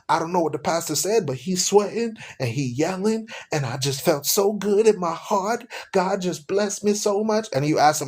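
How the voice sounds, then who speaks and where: A man's voice: on the high side, lively intonation, normal speed, few pauses, a little mellow, husky. A man hosting a live-streamed show, preaching emphatically with rhetorical questions, mockery and scripture read aloud. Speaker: host.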